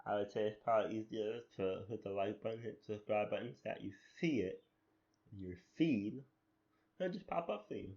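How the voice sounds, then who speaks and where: A man's voice: lowish voice, fairly quick, vocal fry, a little mellow, lo-fi sound. A man hosting a solo podcast, rambling and amused at himself in casual chat. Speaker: podcast host.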